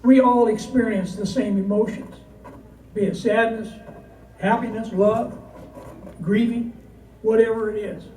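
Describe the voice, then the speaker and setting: A man's voice: sits high, fairly even intonation, unhurried, pauses often, mellow, a little hiss or hum. A man performing as a cowboy poet before a live audience, telling jokes and reciting verse in a folksy storytelling manner. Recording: roomy hall from a distance.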